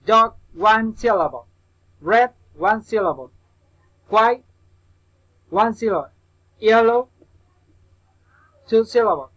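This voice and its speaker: High-voiced slow man teaching English. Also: expressive, fairly bright tone, rough recording. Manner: slow, repetitive drilling of example words; addresses the listener as his student. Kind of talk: recorded pronunciation lesson.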